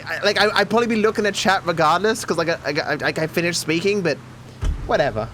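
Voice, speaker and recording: This fast-talking gaming streamer has a high, fairly bright voice, with a little hiss or hum on the audio. During livestream gameplay commentary, he jokes about himself, swears freely and chats with his viewers.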